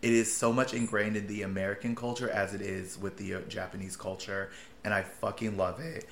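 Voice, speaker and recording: Man in his late twenties, co-host, excitable, swears freely, slightly low voice, echoey room with faint hiss. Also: vocal fry. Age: late 20s. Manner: gushing and profane, quick to laugh. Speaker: podcast co-host. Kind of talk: casual chat.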